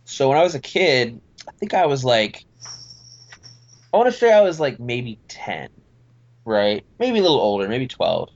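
A man's voice: mid-range voice, normal speed, pauses often, highs cut off. A man on a podcast telling a long childhood story in casual chat, rambling and acting out the voices of people in it. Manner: animated, rambling, acts out voices in his story. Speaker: podcast guest.

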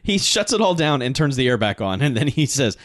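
A man in a casual movie chat, animated, laughing often and acting out scenes. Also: medium pitch, a little fast, no echo.

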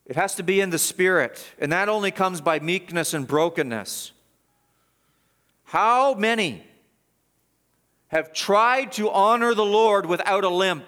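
A middle-aged male pastor preaching verse by verse, swinging from loud emphatic peaks to low, quiet asides. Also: a little slow, long pauses. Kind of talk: expository sermon.

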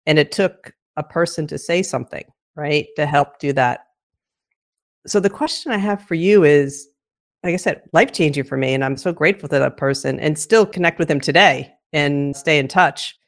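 A woman's voice: deep voice, normal speed. A woman co-hosting a podcast, talking earnestly and gratefully about her experience before asking her partner a question. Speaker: podcast co-host. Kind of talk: podcast conversation.

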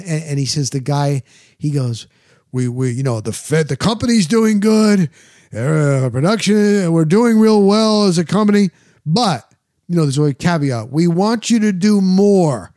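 A male host spinning a casual story on air, his voice sitting a little high for a man. He acts out each person he quotes. The sound is close and dry, with no room around it. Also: a little mellow, no room sound. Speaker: radio show host.

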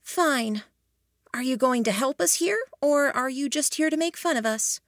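A curt, bossy young woman, put on by a woman narrator talks in a breathy whisper that sits a little higher. It is whispered role-play for a storybook. The sound is dry. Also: lively intonation, normal speed, dry recording.

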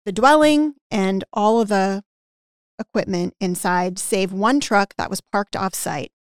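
A woman on a podcast who coaches business owners on hiring and team culture, telling a story with lively acted-out quotes and lots of "like". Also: medium pitch, a little slow, clean tone, no echo, clean studio sound. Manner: animated anecdote-telling with acted-out quotes and frequent "like".

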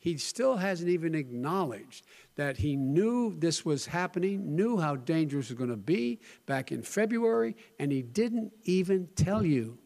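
A man's voice: fairly high pitch, very animated, unhurried, vocal fry, a little mellow. An older man debating on a televised stage, earnest and given to repeating and restarting phrases. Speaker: debate candidate. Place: large hall. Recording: long reverb of a large hall.

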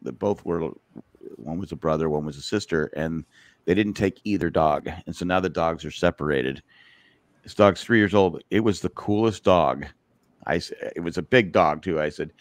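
Brief: low-pitched man, gruff profane storyteller, dry close mic. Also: moderate pace, no echo. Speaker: podcast co-host. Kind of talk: casual chat.

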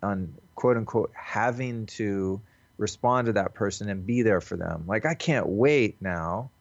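A man's voice: on the low side, measured pace, creaky, dry recording. A man talking as a podcast guest in an earnest, reflective way, casual and loose with swearing, over a call. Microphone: call recording. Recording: dull, lo-fi call audio.

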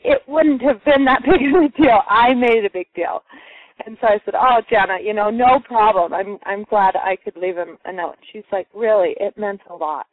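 A woman's voice: medium pitch, moderate pace, no room sound. A woman telling a personal story to a group, acting out the voices of the people in it. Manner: lively, acts out quoted voices. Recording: muffled phone-line sound, dry.

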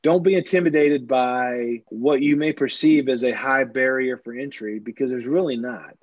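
A man who is a sportswriter, telling animated anecdotes with frequent restarts in a casual interview, on a slightly dull recording. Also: medium pitch, moderate pace, no echo. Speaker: sportswriter guest.

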